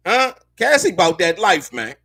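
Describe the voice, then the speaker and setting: A man's voice: high-pitched, sing-song, normal speed, sharp tone, breathy edge, dry recording. A man hosting a live show, commenting on court news in a loose, slangy way, repeating himself and talking straight to his viewers.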